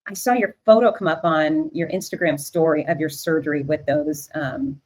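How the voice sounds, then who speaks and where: A woman hosts an interview in a low voice, deep for a woman. She talks candidly and with emphasis. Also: moderate pace, a little mellow. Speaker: host.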